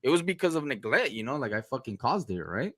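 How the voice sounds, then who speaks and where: A man's voice: mid-range voice, big pitch swings, fast talker, a bit bright, slightly rough, dry recording, studio quality. A man from the Los Angeles area telling casual, profane stories with laid-back slang as a podcast host. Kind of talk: casual storytelling.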